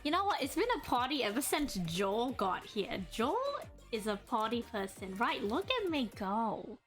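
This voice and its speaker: A young adult woman streaming while she draws, chatting and rambling to her viewers in a deliberately adopted voice and cadence. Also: fairly high pitch, expressive, faint music behind. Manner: chatty, rambling, greets chat by name. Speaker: streamer and artist. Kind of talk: casual live-stream chat while drawing.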